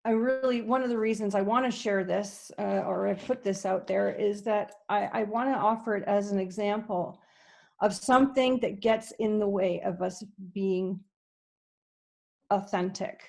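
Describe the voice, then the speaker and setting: A woman's voice: mid-range voice, fairly even intonation, normal speed, vocal fry, darkish tone. Canadian woman doing a conference talk over a video call, earnest, lots of ums and restarts. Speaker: conference presenter. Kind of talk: online conference presentation.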